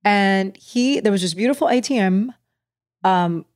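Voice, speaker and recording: Animated, laughing woman podcast co-host. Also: medium pitch, a little slow. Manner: animated storyteller, laughs often. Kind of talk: casual chat. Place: podcast room.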